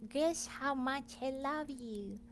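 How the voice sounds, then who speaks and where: A woman reading aloud, voicing a small, energetic young male furry creature who speaks eagerly and earnestly. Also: sits high, takes it slowly, slight background noise, pitched above the performer's own voice.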